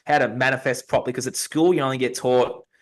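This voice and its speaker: A man's voice: medium pitch, fast talker. A man, a youth coach, telling a story in casual conversation on a video call and acting out the people in it. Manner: animated storyteller, acts out dialogue.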